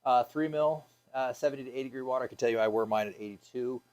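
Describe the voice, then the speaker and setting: A man's voice: medium pitch, fast talker, a little mellow. A man teaching a scuba diving class, casual and upbeat, with many ums and uhs, asking the class questions.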